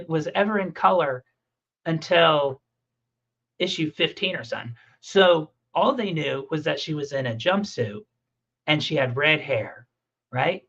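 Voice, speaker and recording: A man telling stories and rambling in a casual conversation about making comics. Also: fairly high pitch. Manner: rambling, animated storytelling with restarts. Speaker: comic creator and podcast host. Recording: muffled lo-fi audio.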